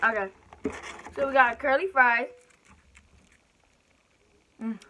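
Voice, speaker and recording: A woman's voice: on the high side, slow pace, sharp tone, dull audio. A young woman chatting casually between bites in a home eating vlog, bubbly and chatty, in a small bedroom. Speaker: mukbang vlogger.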